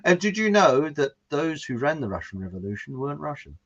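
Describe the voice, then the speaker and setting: A man's voice: fairly high pitch, very animated, brisk, fairly bright tone. A man hosting a casual chat, reading out viewer comments in a rambling way and chuckling at his own jokes. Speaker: show host. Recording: muffled lo-fi audio.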